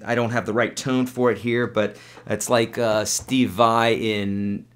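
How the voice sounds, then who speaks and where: A man with a fairly low voice teaches guitar on a live webcast. He talks in a relaxed, rambling way, picking up viewer questions and answering them on the spot with plenty of filler words. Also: unhurried, clean tone. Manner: chatty, loose, answers viewer comments with fillers and demos.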